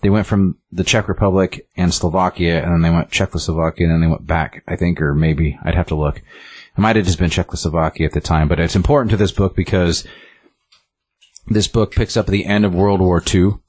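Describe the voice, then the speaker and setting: A deep-voiced man talking casually about a comic book, rambling and filling his talk with likes and ums. The sound is dry and close, like a small room. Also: steady tone, fairly quick, darkish tone, breathy edge, no room sound. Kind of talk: casual chat.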